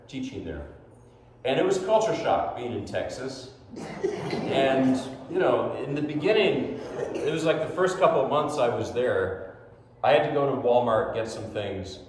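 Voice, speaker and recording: A man from New Jersey, a classical pianist, telling a personal story in an animated way, often laughing as he speaks. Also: medium pitch, moderate pace. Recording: echoey hall, long reverb, faint noise.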